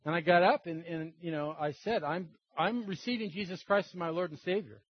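An older man gives a personal testimony, acting out the people in his story with animated shifts. His voice sits high and husky. The recording is dull and dry, with no room sound. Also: fairly quick, dry recording. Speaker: testimony speaker.

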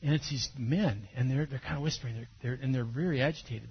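A man preaching a sermon as a pastor, telling his story with animation and sudden loud bursts. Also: medium pitch, fast talker, hardly any pauses, a little hiss or hum. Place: church service. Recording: dull lo-fi sermon recording.

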